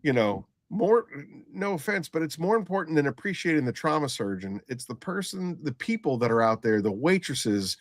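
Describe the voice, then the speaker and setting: A middle-aged man, a nurse and former paramedic, telling a blunt story in casual conversation, halting and full of restarts. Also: fairly high pitch, sing-song, dry recording, clean studio sound.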